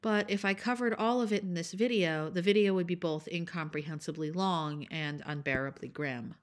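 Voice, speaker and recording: A woman's voice: fairly low pitch, normal speed. A young woman hosting an educational commentary, blunt with sarcastic asides. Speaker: channel host.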